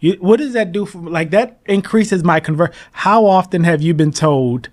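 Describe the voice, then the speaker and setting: A man being interviewed as a mortgage broker, talking in an animated, emphatic way and acting out his phone calls. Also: high voice, normal speed. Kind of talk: casual interview talk.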